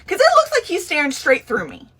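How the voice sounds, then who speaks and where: A woman chatting casually to the camera while getting ready, telling a story in an animated, dramatic way. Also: high voice, fairly quick. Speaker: nurse.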